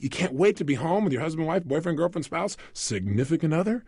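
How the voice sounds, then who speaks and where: A man talking through a recorded self-help program, animated, asking the listener questions and acting out quoted voices. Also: fairly high pitch, quick pace, slightly rough, dry recording, clean studio sound. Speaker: motivational speaker.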